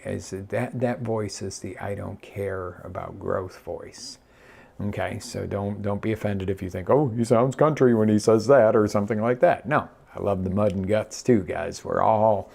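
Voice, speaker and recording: A male life coach talks straight to his audience with lively energy, often breaking off and restarting his sentences. His voice sits somewhat low and is deeply gravelly, with a rough, husky edge throughout. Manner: energetic coaching, direct address with many restarts. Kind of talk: live motivational talk.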